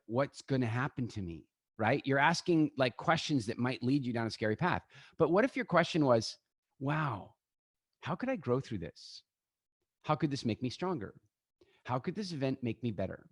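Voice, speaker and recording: A man speaking as a guest in a live online talk over a video call. He is animated, acts out little scenes and speaks straight to his audience. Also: mid-range voice, no room sound, clean studio sound.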